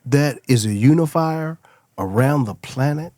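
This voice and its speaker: A middle-aged man telling stories as a podcast guest, lively and acting out the people he quotes. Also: medium pitch, a little slow, no room sound, studio quality. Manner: animated storyteller, acts out quoted voices. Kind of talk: casual storytelling chat.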